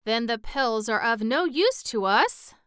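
A woman's voice: fairly high pitch, expressive, normal speed, bright, forceful tone, smooth, no room sound, studio quality, voice pushed up. A woman reading the part of an anxious, fretful male pumpkin-headed man in an audiobook, in a plaintive, raised voice.

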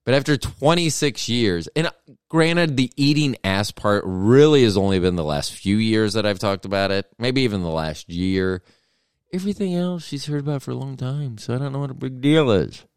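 A middle-aged man hosting a podcast tells a wandering, self-interrupting funny story at normal speed. His medium-pitched voice is clear and resonant with lively intonation, and the studio-quality audio has no echo.

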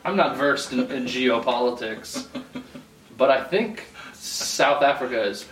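A man's voice: medium pitch, animated, measured pace, a bit bright. A man co-hosting a podcast in casual chat, teasing his partner with dry humor. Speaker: podcast co-host. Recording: roomy sound from a distant mic, faint noise.

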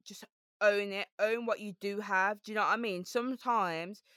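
Bright-voiced Brummie woman with a lisp. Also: mid-range voice, steady tone, moderate pace, smooth, no room sound, studio quality. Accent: Brummie, softened. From Birmingham, England. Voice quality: slight lisp. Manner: upbeat, emphatic, repeats key phrases. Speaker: podcast guest. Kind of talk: casual interview chat.

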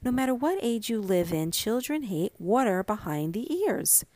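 A woman voicing a patient, amused mother who speaks calmly and teases gently in a storybook reading. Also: medium pitch, normal speed, dry recording, natural voice. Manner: gently teasing, calm.

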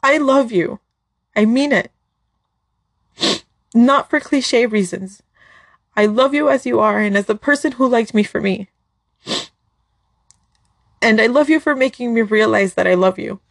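A woman's voice: a little high, a little slow, gravelly, pauses often, no room sound, clean studio sound, voice pushed up. A woman voicing a young man who begs his love not to leave, in a story read aloud. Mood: pleading. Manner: pleading, voice breaking.

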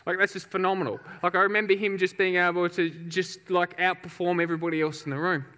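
Lively man preaching in a hall. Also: high-pitched, fast, clean tone. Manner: lively storyteller, laughs often, acts out shouts. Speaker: pastor. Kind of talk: sermon with personal story. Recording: reverberant hall.

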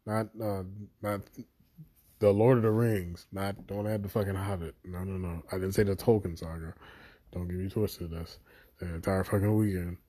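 A man with a lowish, mellow voice tears into a show in a heated video review. He swears freely and sounds exasperated. His rant loops back on itself as he vents. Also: steady tone, moderate pace.

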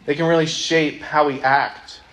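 Young man, youth pastor, relaxed conversational preaching, slightly high pitch. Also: measured pace. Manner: casual, conversational, many ums. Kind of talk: sermon with Bible reading.

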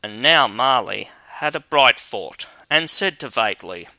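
Male audiobook narrator, measured and unhurried, bright dry sound. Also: medium pitch, gravelly, no room sound. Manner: measured, even reading. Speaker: audiobook reader. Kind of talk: storybook narration.

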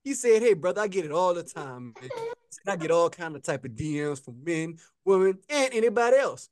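A man's voice: sits high, sing-song, fairly quick, a little mellow. A man co-hosting a podcast, casually telling a story and acting out the back-and-forth he quotes. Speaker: podcast co-host.

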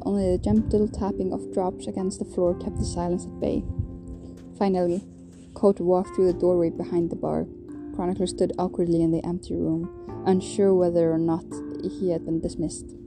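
A woman reading a novel aloud in steady storytelling narration. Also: on the low side. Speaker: reader. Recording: guitar music playing behind.

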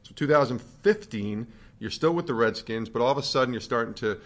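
A man's voice: mid-range voice, lively intonation, fairly quick. A man hosting an interview, walking through his guest's story step by step before asking a question. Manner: recaps the guest's story, then asks a question. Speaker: host, interviewer.

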